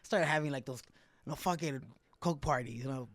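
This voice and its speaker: A young man talks openly about his past as a podcast guest, in a voice of middling pitch. He swears freely, switches between English and mid-sentence, and keeps his telling lively. The sound is dry and close, with no room around it. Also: fairly quick, no echo. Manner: mixes English and Spanish, swears freely, animated. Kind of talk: casual candid storytelling.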